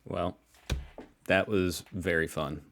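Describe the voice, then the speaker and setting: A man's voice: sits low, steady tone, slow pace, loud music behind the voice. A man with a General American accent, hosting a casual reaction video in a joking, rambling, self-deprecating way. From Pittsburgh, United States.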